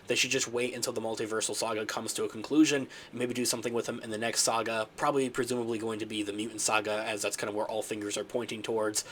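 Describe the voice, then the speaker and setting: Fast-talking nasal man hosting a channel. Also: lowish voice, a little hiss or hum. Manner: rapid, energetic channel-host patter. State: sick with a stuffy nose. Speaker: channel host. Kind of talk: upbeat online commentary.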